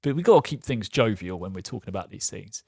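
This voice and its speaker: A man's voice: fairly low pitch, expressive, gravelly, a little mellow, breathy edge, no room sound. Candid man, dry close sound. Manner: frank, halting, laughs through hard topics. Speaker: vlogger sharing patient experience. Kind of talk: candid personal talk to camera.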